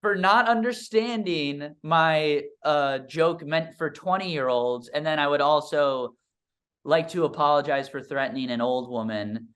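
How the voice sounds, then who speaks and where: A man's voice: a little high, measured pace, a bit bright. A young man, a stand-up comedian, telling a story in a casual, rambling, self-deprecating way with lots of fillers. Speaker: stand-up comedian and podcast guest.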